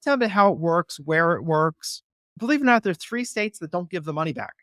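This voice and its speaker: A man's voice: high-pitched, lively intonation, brisk, fairly bright tone, no echo, clean studio sound. A man being interviewed, talking earnestly and persuasively, acting out phone calls to make his points. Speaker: guest, real estate investor. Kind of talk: interview, conversational explanation.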